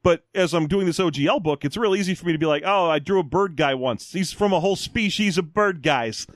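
A man co-hosting a podcast in casual chat, animated and mock-ranting with plenty of swearing. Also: on the high side, fairly quick, dry recording, clean studio sound. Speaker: podcast co-host.

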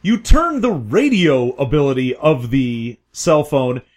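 A man's voice: medium pitch, expressive, measured pace, a little mellow. A man narrating a tabletop game as game master, playful and jokey.

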